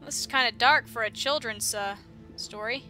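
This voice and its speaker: A woman's voice: on the high side, moderate pace, sharp tone, soft background music. A young woman giving casual, chatty commentary while playing a horror game, with laughing asides. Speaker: gamer. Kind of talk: casual let's-play commentary.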